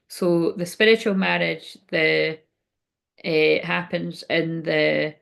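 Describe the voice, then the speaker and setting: A woman's voice: lowish voice, creaky, a bit bright. A woman giving a rambling, casual tarot reading to camera at home, swearing now and then. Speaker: tarot reader. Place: indoors at home by a window.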